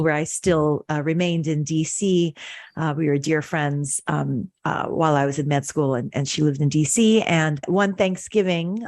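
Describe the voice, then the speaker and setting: A woman's voice: low-pitched, a little mellow, dry recording, clean studio sound. A middle-aged woman from Hawaii hosting a podcast, talking in an earnest, heartfelt way with many fillers. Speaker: podcast host. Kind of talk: casual chat.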